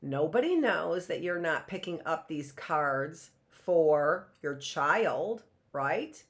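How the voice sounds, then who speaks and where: A middle-aged woman teaching an early reading lesson, chatty and direct, sounding out words slowly. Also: low voice, animated. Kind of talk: online classroom lesson.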